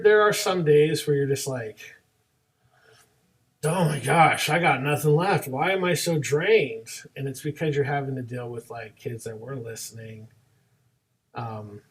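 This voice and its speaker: Animated storytelling man, mic a bit distant. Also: on the high side. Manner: animated storyteller, acts out both sides of dialogues. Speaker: martial arts instructor, podcast co-host. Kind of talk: casual chat.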